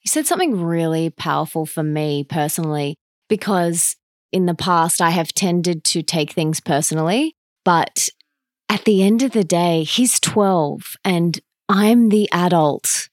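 A woman's voice: lowish voice, animated, a little slow, dry recording, clean studio sound. A woman hosting a podcast, speaking in an earnest, reflective way. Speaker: podcast host. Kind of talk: podcast interview.

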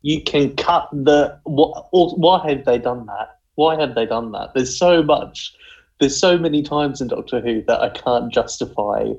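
A man co-hosting a casual chat in a wry, indignant way, thinking out loud. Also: medium pitch, measured pace, vocal fry, lo-fi sound. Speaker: co-host.

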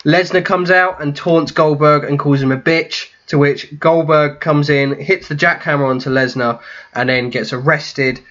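A man, a podcast co-host, calmly recapping events from his notes in casual chat. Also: a little high, moderate pace, muffled recording. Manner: calm, dry summarizing.

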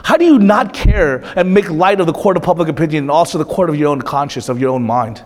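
A pastor giving a conversational sermon, moving between lively asides and quiet, intense passages. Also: male voice, fairly high pitch, quick pace. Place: church hall. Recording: long reverb of a hall.

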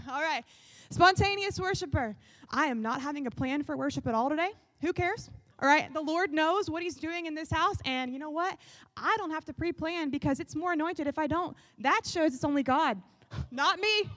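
A woman worship leader doing a sarcastic comedic sketch, animated and breaking into shouts and sung snippets. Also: sits high, moderate pace, no room sound.

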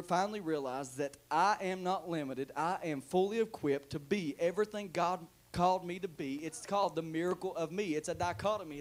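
A male pastor preaching to a church congregation, moving between hushed talk and shouted calls for the room to answer back. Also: fairly high pitch. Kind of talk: sermon.

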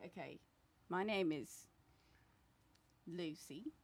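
A woman's voice: fairly low pitch, takes it slowly, darkish tone, breathy edge. A woman in an improv comedy scene playing a befuddled, scatterbrained actress at an audition, rambling and self-deprecating.

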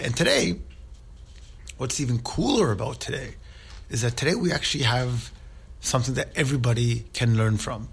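A man hosting a radio show while hoarse from a sore throat, talking earnestly and rambling with many restarts. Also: mid-range voice, normal speed, a bit bright. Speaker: radio host.

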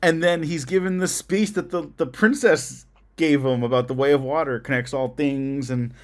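A man's voice: a little high, normal speed. Earnest, laughing man in casual chat. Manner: earnest, swears, laughs often, recounts his reactions. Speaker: film podcast co-host. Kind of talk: casual film review chat.

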